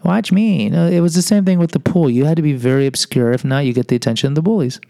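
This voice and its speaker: A man's voice: on the high side, racing, dark tone, dry recording, low-quality recording. A man from Houston, a podcast host, telling a personal story in a self-deprecating way and acting out what people said. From Houston, Texas. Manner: self-deprecating, acts out quoted voices.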